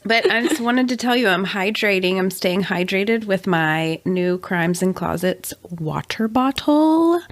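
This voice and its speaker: Woman, hoarse and raspy from a cold, chatty co-host, dry close sound. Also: mid-range voice, expressive, measured pace, few pauses, no echo. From North Carolina. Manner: chatty and upbeat, laughs often. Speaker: podcast co-host; mother. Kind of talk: casual chat.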